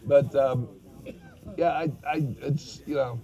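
An older man, a guest actor telling lively, profane, self-mocking stories on stage. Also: mid-range voice, slow pace. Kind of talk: anecdotal storytelling on stage.

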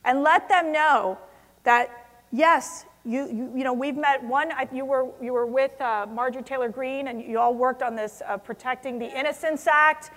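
Speaking to a conference crowd in a large convention hall, a woman with a high, fairly bright voice keeps a moderate pace. Her delivery is passionate, rising to strong stresses, with long hall reverb trailing each phrase.

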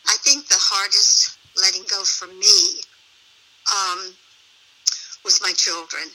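A woman's voice: medium pitch, steady tone, slow pace, sharp tone, low-quality recording. A middle-aged woman, a religious sister, earnestly telling a personal story as a guest and often laughing as she speaks.

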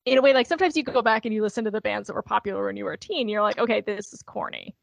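A woman's voice: medium pitch, racing, creaky, dry recording. A woman co-hosting a casual podcast discussion, chatting loosely and peppering her speech with "like". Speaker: podcast co-host.

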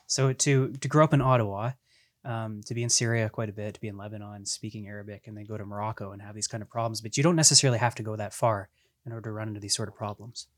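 A man's voice: lowish voice, steady tone, quick pace. A man hosting a podcast, asking long, thoughtful questions in a casual style with fillers. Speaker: podcast host.

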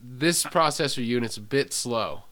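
Guy on a comedy podcast, bright voice, playful punchline jokes. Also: mid-range voice, a little slow. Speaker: podcast co-host. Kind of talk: casual comedic riffing.

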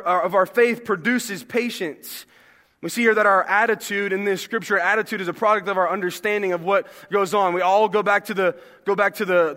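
A young male pastor preaching a sermon in a church, talking in a relaxed, joking way and asking the congregation questions. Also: sits high. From American South. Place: church sanctuary. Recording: long hall reverb.

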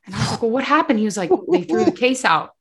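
Woman, guest, faith testimony, animated storytelling, acts out dialogue, emotional. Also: a little high, fast, breathy edge. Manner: animated storyteller who acts out dialogue and often addresses the host. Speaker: guest sharing her testimony.

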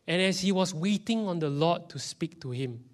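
A man's voice: high voice, moderate pace. A man in his thirties with a Singaporean English accent, preaching a sermon in a church and now and then dropping his voice to a whisper for emphasis. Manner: animated, drops into whispers for emphasis. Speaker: pastor. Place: church hall.

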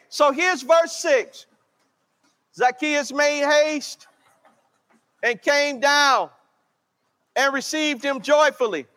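A man's voice: very high-pitched, sharp tone, long reverb tail. A man preaching a sermon as pastor, drawing out his words and calling the congregation to answer back. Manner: slow, drawn-out preaching with call-and-response.

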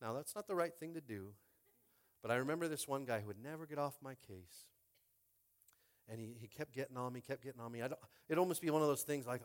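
A man preaching a lively sermon, often asking the crowd "Are you with me?". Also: medium pitch, quick pace. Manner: animated preaching, repeated "Are you with me?" call-outs. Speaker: pastor.

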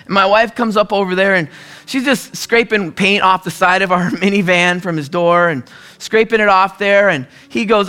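A man from the US Northwest preaching a conversational sermon, telling stories and often clearing his throat. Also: sits high, fairly even intonation, normal speed, bright, forceful tone. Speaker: pastor.

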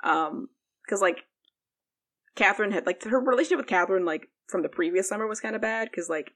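A woman's voice: mid-range voice, fairly quick, fairly bright tone. A young woman co-hosting a podcast, recapping a book in a rambling casual chat full of fillers. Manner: rambling, heavy use of "like", frequent fillers. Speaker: podcast co-host.

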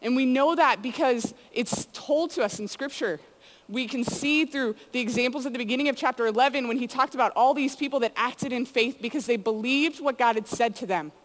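This woman's voice sits high and moves briskly as she gives students a relaxed sermon. As a youth speaker, she spins stories in a chatty style packed with "like" and "you know," and a long hall reverb trails her words.

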